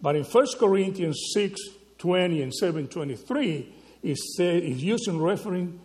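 A man preaching a sermon, teaching slowly and emphatically, often checking in with the listeners with a quick question. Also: on the high side, animated, a little mellow, big-room sound. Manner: slow, emphatic teaching with frequent rhetorical "right?" checks.

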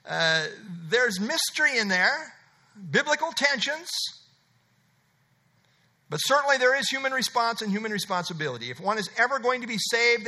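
A man's voice: very high voice, pushed and bright. A middle-aged man preaching an expository sermon, emphatic and conversational, repeating his key phrases. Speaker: pastor.

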